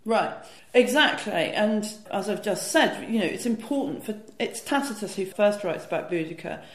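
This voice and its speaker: This woman, a guest historian, talks at a normal pace in an animated, mid-range voice, offering an enthusiastic, fluent academic explanation in a chatty tone, often dropping in "you know." Her voice echoes around the room.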